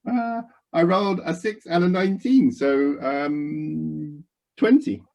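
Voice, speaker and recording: A man speaking as a player in a tabletop game, a little higher-pitched than most men. He stumbles and hesitates, and the recording sounds dull and lo-fi. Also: takes it slowly, gravelly, darkish tone. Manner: hesitant, stumbling over words.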